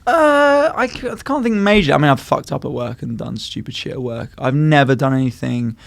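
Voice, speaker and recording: A man's voice: medium pitch, animated, fairly quick, gravelly, no echo. A man, co-hosting a podcast and telling stories with plenty of swearing and laughter. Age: 20s. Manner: swears freely, laughs often, tells stories. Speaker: podcast co-host. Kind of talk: casual chat.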